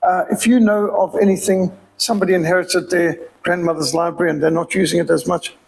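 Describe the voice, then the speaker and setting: A man's voice: sits high, steady tone, brisk, gravelly, a little mellow, rough recording. A man with a Rhodesian accent giving an emphatic, preacherly sermon-style appeal as a missionary speaker. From Zimbabwe.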